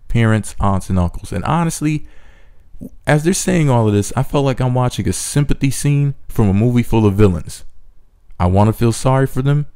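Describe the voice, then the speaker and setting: A man's voice: lowish voice, dark tone. A man recapping a reality TV episode with sarcastic, mocking asides. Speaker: recap commentator. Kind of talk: snarky TV recap commentary.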